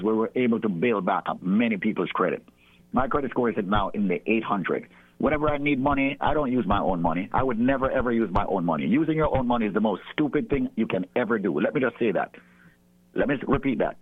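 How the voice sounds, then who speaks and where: A man hosting a radio segment, giving an emphatic sales pitch and repeating his key points. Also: husky, no echo. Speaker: radio host pitching a sponsor. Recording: tinny phone-like radio audio.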